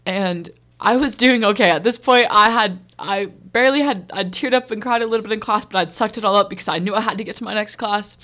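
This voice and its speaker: A woman's voice: mid-range voice, fairly quick, hardly any pauses, fairly bright tone. A teenage girl hosting a podcast, earnestly telling a personal story in casual chat and saying "like" often. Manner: earnest, heavy use of "like". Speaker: podcast host.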